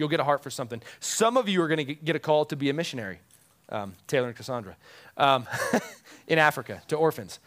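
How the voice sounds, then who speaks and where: A man's voice: a little high, expressive, fast talker, a bit bright. A man who is a pastor, preaching a conversational sermon to his congregation, often chuckling and repeating key phrases for emphasis.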